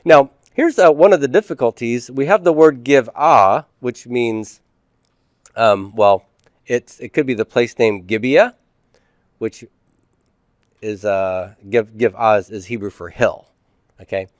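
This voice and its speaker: Man explaining slowly, smooth dry voice. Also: mid-range voice, no echo. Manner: explains step by step, asks and answers own questions. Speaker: teacher. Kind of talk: classroom lecture.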